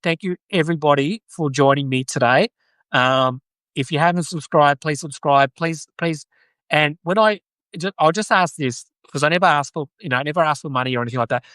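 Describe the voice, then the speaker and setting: A chatty Australian man with a fairly high voice hosts a casual live stream, rambling along earnestly. The sound is dry and close, with no room echo at all. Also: a little fast, fairly bright tone. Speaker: podcast host.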